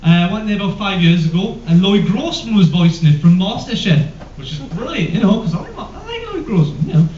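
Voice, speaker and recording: A man's voice: high voice, very animated, a little fast, few pauses, a little mellow, a little hiss or hum. A man performing live stand-up comedy, rambling and hesitant with many ums. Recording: echoey room, distant mic, dull lo-fi.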